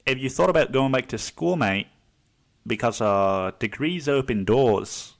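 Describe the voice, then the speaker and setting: A man's voice: medium pitch, animated, a little slow, creaky. A man putting on a patronizing Australian bloke. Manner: patronizing, repeats himself. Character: condescending Australian bloke, man, middle-aged.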